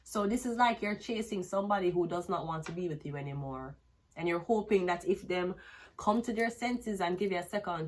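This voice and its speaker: Woman, tarot reader, blunt, rambling, crude casual delivery. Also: on the low side. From Jamaica. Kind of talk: casual tarot reading with sung snippets.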